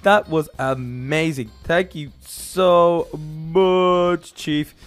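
An excitable young man narrates his gameplay in character, a little higher-pitched than most men. He talks through every step aloud and shouts when things get hectic. Faint music plays underneath. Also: very slow. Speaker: game role-play host.

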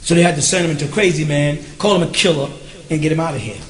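A man with a fairly high voice leads a question-and-answer class in an emphatic, driving way. He keeps checking that his audience is following along. The sound is roomy and echoey. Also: racing. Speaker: teacher.

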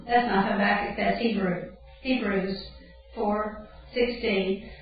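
A woman's voice: mid-range voice, fairly even intonation, slow. An older woman giving a Bible camp teaching talk in a folksy, chatty way, breaking off to laugh at her own stories. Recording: very echoey hall, distant and dull.

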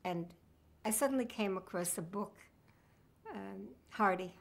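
A woman's voice: medium pitch, unhurried, vocal fry. A woman, reminiscing in an oral history interview with a wry sense of humor. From United States.

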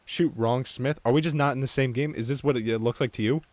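A young man chatting through an online game with his viewers in a mid-pitched voice, talking casually and swearing freely. He swings quickly from mumbling to himself into excited yelps. The sound is dry and close, with almost no room echo. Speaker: streamer. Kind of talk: casual gaming chat.

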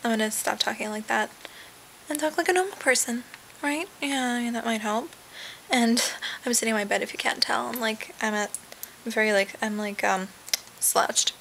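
Sitting in bed at home, a young woman records a casual webcam vlog, rambling with lots of fillers and trailing asides. Her voice is on the high side, creaky and a bit bright, at normal speed, and the audio is poor with slight background noise.

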